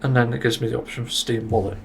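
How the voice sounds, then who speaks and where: Gravelly podcast host ranting with exasperation. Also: male voice, medium pitch, level tone, fast talker, a little hiss or hum. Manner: exasperated, swearing. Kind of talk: solo podcast rant.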